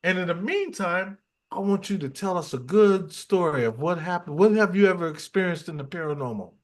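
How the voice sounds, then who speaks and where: A man's voice: high-pitched, expressive, fairly quick. A man hosting a casual online chat, joking and bantering with his guests. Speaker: host.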